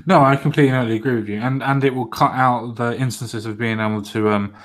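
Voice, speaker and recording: A man hosting a loose podcast conversation, swearing freely and leaning hard on his punchlines. His voice sits at an ordinary middle pitch and he talks like a casual, jokey host. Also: fairly even intonation, fast talker. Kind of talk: casual chat.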